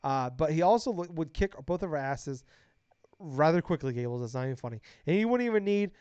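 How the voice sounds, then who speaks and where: Brief: young man, podcast co-host, rapid excited profane gushing, slightly high voice, dry dull lo-fi sound. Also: clean tone, dry recording. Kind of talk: casual podcast chat.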